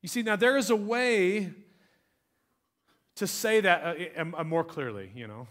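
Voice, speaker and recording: A man with a fairly high voice preaches to his congregation in a loose, talky way. He drops to quiet asides, then leans hard on key words. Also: very animated, unhurried. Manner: conversational preaching, swings between soft and emphatic. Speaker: pastor. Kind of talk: sermon.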